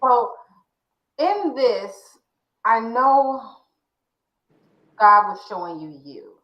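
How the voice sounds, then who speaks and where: A woman hosting a faith conversation, asking probing questions with some gentle teasing. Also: a little high, lively intonation, drawn-out words. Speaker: podcast host. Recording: roomy dull-sounding audio.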